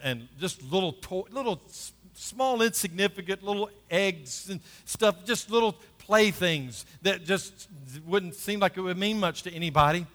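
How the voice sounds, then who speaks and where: A man's voice: high voice, bright, forceful tone, in a large hall. A man preaching a sermon as pastor, emphatic and repeating key phrases, calling for responses from the congregation.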